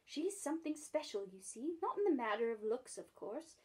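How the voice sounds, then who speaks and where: A woman's voice: high-pitched, very animated, moderate pace, full character voice. A woman doing a cheeky, jeering starling bird. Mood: confiding. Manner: jeering, brash, rough-spoken.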